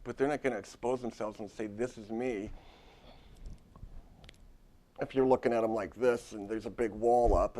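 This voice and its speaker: A man's voice: fairly low pitch, dark tone. Emphatic middle-aged man lecturing therapists. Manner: emphatic, repetitive, talks straight to the audience. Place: lecture room at a university.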